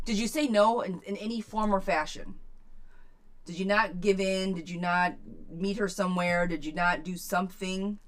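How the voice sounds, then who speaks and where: A woman's voice: mid-range voice, fairly bright tone. A woman giving a live-stream tarot reading. She reads viewers' questions aloud and answers them bluntly, swearing freely. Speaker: tarot reader.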